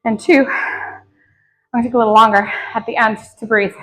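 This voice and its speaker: A woman powerlifter chatting out loud between heavy squat sets, out of breath, in her home garage gym. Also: on the high side, little pitch movement, fairly quick. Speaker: powerlifting vlogger. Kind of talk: casual mic'd-up training commentary. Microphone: clip-on mic.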